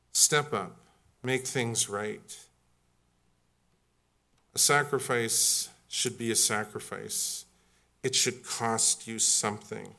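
A man's voice: on the low side, steady tone, takes it slowly, gravelly, long pauses, sharp tone. A man preaching a sermon in a conversational, humorous and emphatic way. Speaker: pastor.

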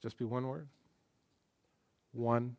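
A man preaching a sermon in church in a conversational, joking way, swinging between quiet asides and emphatic lines. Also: medium pitch, steady tone, slow pace, gravelly. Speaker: pastor.

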